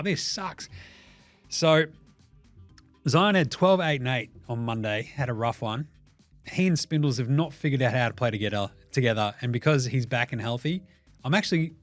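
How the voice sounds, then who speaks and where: A man with an Australian accent hosting a solo sports podcast, talking in a swearing, animated, jokey way. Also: medium pitch. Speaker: podcast host.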